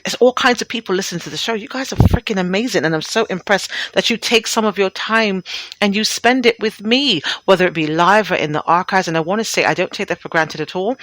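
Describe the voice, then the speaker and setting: A woman's voice: fairly low pitch, fairly bright tone, no echo. A middle-aged woman hosting a talk radio show, chatting bluntly and profanely and laughing often as she reads and riffs.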